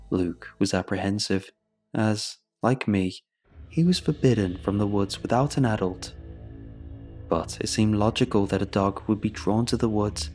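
Male horror narrator, low steady voice, measured delivery, faint music underneath. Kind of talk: scripted horror story narration.

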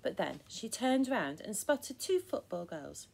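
A woman reading a picture book aloud to children, expressive and inviting them to count along. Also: on the high side, unhurried, gravelly, slight background noise. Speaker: children's storyteller. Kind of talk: children's story time read-aloud.

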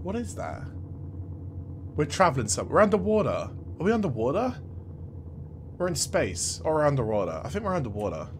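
A man's voice: fairly high pitch, wildly swooping pitch, brisk, pauses often, slight background noise. A man streaming a horror game, reacting with swearing and frequent laughter. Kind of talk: live game commentary.

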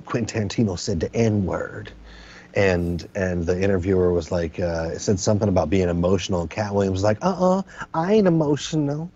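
A man's voice: low-pitched, darkish tone, slightly rough, highs cut off. A man co-hosting a podcast, rambling and sarcastic in casual commentary. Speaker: podcast co-host.

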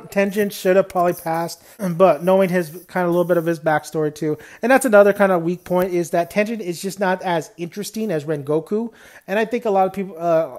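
A man's voice: high voice, a little mellow. Rambling male anime reviewer. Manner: rambling, loose, with frequent "man" and "you know". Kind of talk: casual unscripted review.

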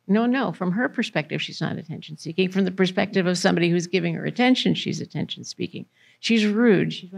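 A woman giving a conversational presentation to parents in a library meeting room, putting questions to the audience. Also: fairly low pitch.

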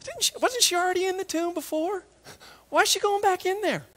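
A woman preaching a sermon in a lively, conversational way, acting out the people in the story in quick asides. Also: extremely high pitch, long reverb tail.

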